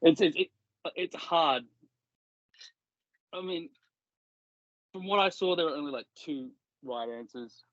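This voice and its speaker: A man's voice: on the high side, lively intonation, measured pace, long pauses, dry recording. A man co-hosting a casual podcast, rambling and swearing often while laughing easily. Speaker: podcast co-host. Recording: dry, dull lo-fi sound.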